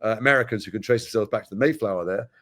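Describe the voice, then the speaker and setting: A man from Britain, talking frankly and wryly as an actor guest in an interview. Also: on the low side. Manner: animated, wry, frank, quick-talking. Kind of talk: candid interview conversation.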